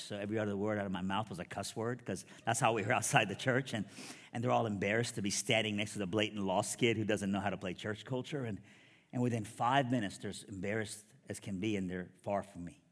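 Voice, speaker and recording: Storytelling preacher in a reverberant hall. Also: male voice, on the low side, fast. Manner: storytelling, animated quoted dialogue. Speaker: preacher giving his testimony. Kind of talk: sermon testimony.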